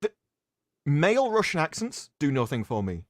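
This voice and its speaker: A man's voice: fairly high pitch, wildly swooping pitch, moderate pace, no room sound, clean studio sound. A man with an English accent, chatting casually as a podcast co-host with wry, self-deprecating humor. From England. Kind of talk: casual chat.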